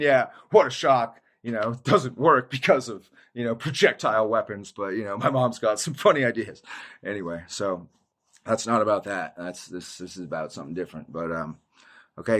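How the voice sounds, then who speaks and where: A man's voice: mid-range voice, pushed and bright. A man giving a casual testimony monologue to his viewers, rambling in slangy speech, saying "dude" often and laughing mid-sentence. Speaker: YouTuber giving a Christian testimony.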